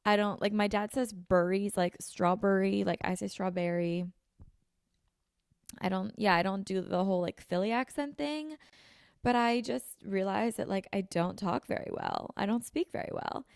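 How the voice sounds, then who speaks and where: A podcast host, a young American woman from the Philadelphia suburbs, talks at a moderate pace with vocal fry in a medium-pitched voice. The sound is clean studio quality with no echo, from a podcast mic with video in an apartment room. She's filler-heavy and chatty, saying "like" constantly, and a little sniffly from a slightly runny nose.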